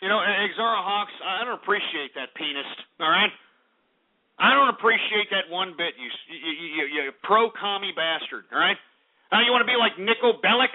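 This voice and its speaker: A man's voice: high voice, lively intonation, moderate pace. A male radio host ranting and swearing at callers on a call-in show. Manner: angry, insulting, swears at callers. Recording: phone-like lo-fi radio.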